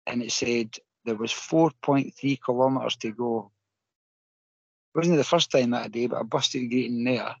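A Scottish man, a podcast guest, telling a story in an animated, emotional way and laughing often. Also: medium pitch, slightly rough, dry recording, lo-fi sound. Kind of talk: casual storytelling.

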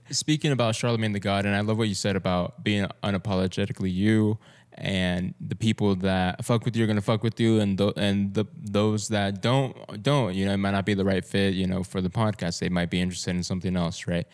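A man with a low voice hosts a podcast. He asks questions in a loose, laid-back way and throws in a casual swear now and then. He sounds like he is in relaxed conversation. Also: brisk. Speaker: podcast host. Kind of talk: casual interview chat.

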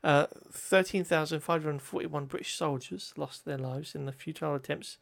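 A man's voice: on the high side, normal speed, vocal fry. A man reading history notes aloud, often stumbling over words, correcting himself and adding joking asides.

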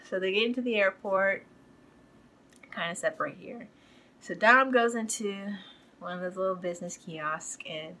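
A woman's voice: lowish voice, a bit bright, low-quality recording. A woman hosting a podcast, casually recapping a TV episode in a rambling way, full of fillers. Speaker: podcast host.

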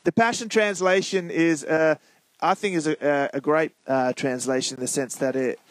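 A man's voice: fairly high pitch, fairly even intonation, moderate pace, no room sound, rough recording. A man preaching in a casual, conversational way, reading scripture and asking the listeners to call out answers. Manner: conversational, prompts the audience to call out.

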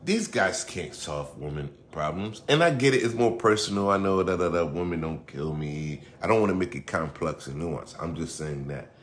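Deep-voiced man rambling on his podcast. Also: expressive, moderate pace, hardly any pauses. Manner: rambling, profane, with frequent restarts and asides. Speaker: podcast host. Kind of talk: casual solo monologue.

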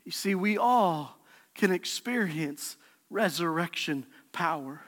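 Impassioned pastor with a high, bright voice. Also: male voice, expressive, takes it slowly. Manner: impassioned preaching, swings from soft to shouting. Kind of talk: sermon. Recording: long hall reverb.

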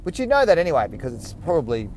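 A man's voice: fairly high pitch, huge pitch swings, racing, a little mellow. Rambling man talking while driving. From Australia. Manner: rambling, musing, self-correcting. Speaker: podcast host. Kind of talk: casual solo podcast monologue. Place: inside a car while driving. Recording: faint road noise in a car. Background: car and street noise.

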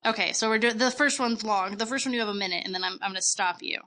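A woman co-hosting a casual podcast at home on a good microphone, chatty and quick with self-mocking jokes. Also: medium pitch, pushed and bright. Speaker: podcast co-host. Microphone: quality home microphone.

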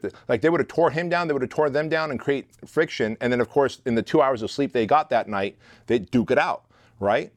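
A man speaks in a blunt, animated, profane storytelling voice with a mid-range pitch. The sound is close and dry, with no room around it. He talks as a guest on an interview show. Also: fairly quick, no room sound. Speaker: guest, leadership instructor.

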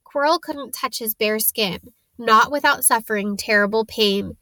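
Slow, dramatic woman storyteller. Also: on the high side, pushed and bright, dry recording, low-quality recording. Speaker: audiobook narrator. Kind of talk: storybook narration.

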